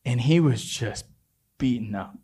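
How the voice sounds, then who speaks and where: A man preaching a sermon as a pastor, telling a story in a hushed, intimate way and rising to emphatic exhortation. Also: mid-range voice, measured pace, breathy edge.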